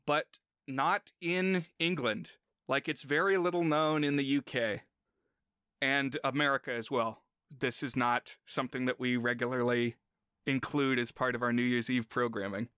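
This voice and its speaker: Bright, clear-voiced man co-hosting a podcast. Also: mid-range voice, fairly even intonation, moderate pace, no room sound, studio quality. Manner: retells sketch scenes, briefly mimicking lines. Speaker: podcast co-host. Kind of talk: casual chat.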